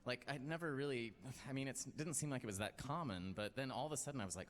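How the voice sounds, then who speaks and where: This American host of a live storytelling night talks fast in a mid-range voice, hardly pausing at all. He tells a personal story in a rambling, self-deprecating way, packed with fillers, and the recording carries long hall reverb.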